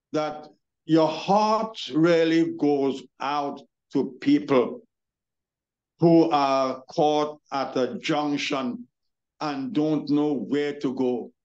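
A man preaching a sermon as pastor, emphatic, with drawn-out words and pauses, calling his listeners beloved. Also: fairly high pitch, a little mellow, dull audio.

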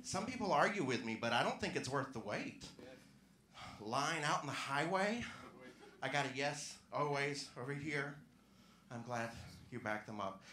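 A stand-up comedian from Georgia working the crowd with self-mocking punchlines. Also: male voice, medium pitch, very animated, a little slow, pushed and bright, slight background noise. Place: comedy club stage. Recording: echoey club room.

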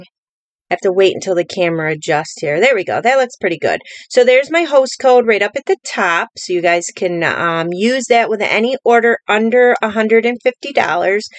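A woman's voice: mid-range voice, moderate pace, dry recording. A woman hosting a live-streamed craft tutorial from a home craft table, talking in a chatty, rambling way with many fillers. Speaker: craft demonstrator.

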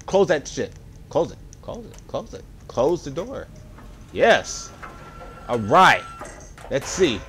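A young man with a deep voice giving casual, excitable let's-play commentary, swearing and talking to his viewers as he plays. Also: unhurried, husky. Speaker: gaming video creator.

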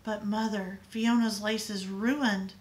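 A woman voicing a frightened little girl who sobs and pleads in a high, tearful voice. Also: steady tone, takes it slowly, lightly acted.

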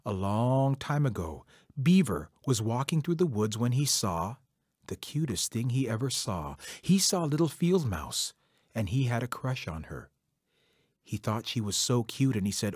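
Husky-voiced male storyteller. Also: mid-range voice, big pitch swings, measured pace, dry recording, clean studio sound. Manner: warm, conversational, addresses listeners directly. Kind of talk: oral folk storytelling for children.

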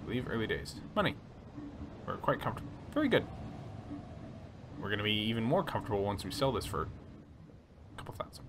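A man hosting a relaxed let's play, reading story text aloud and chatting about his choices. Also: on the low side, creaky, background noise. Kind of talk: casual gameplay commentary reading game text aloud.

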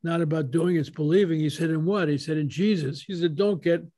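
A man's voice: a little high, a little fast, mellow. An older man, a guest author, telling folksy anecdotes in a casual interview and quoting conversations as he goes. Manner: folksy anecdotal storyteller, quotes others in dialogue.

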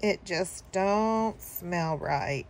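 A woman's voice: on the low side, very slow, slight background noise. A woman telling a story casually to her viewers, rambling with fillers and chuckling now and then. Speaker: vlogger.

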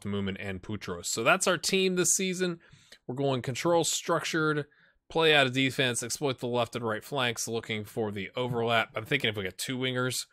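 Bright-voiced man chatting over a football sim. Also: medium pitch, no echo, studio quality. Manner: chatty, self-mocking, jokes and muttered asides. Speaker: gaming channel host. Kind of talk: casual let's play commentary.

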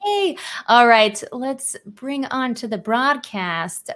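A woman's voice: fairly high pitch, lively intonation, takes it slowly, a bit bright. A woman hosting a live role-play show as game master, upbeat and enthusiastic.

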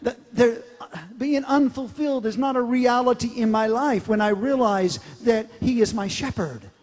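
A middle-aged man preaching a sermon, emphatic, swinging from loud declarations to quiet storytelling. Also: very high-pitched, normal speed. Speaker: pastor. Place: large church sanctuary. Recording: long hall reverb.

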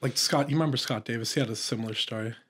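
This is a man appearing as a guest on a podcast, with a somewhat husky voice. He talks in a laid-back way and mostly keeps his replies short. His voice sits at an average pitch for a man. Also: rapid-fire, fairly bright tone. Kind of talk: casual podcast chat.

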